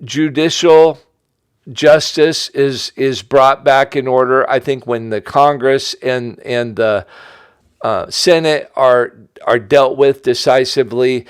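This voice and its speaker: Smooth-voiced man talking in a rambling monologue. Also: medium pitch, no room sound. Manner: rambling, with many restarts and asides. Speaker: host giving an investment update. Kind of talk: casual monologue.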